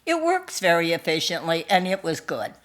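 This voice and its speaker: An older woman from Oregon chatting casually beside her son. Her voice sits a little low. She talks plainly, in short remarks. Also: very animated, moderate pace. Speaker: co-host. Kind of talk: casual chat.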